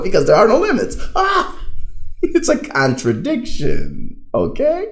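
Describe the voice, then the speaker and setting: A man teaching theology, his pitch swinging widely as he works through one rhetorical question after another. He talks slowly and deliberately, sitting a little higher than most men. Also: gravelly. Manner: animated, rhetorical questions and answers. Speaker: religion teacher. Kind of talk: classroom-style theology talk.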